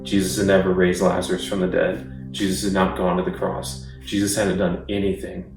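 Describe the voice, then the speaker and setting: Male youth speaker with a lowish voice, chatty sermon delivery, picked up from a distance in a reverberant room. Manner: conversational, repetitive rhetorical lists, occasional chuckles. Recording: echoey room, distant mic, faint music.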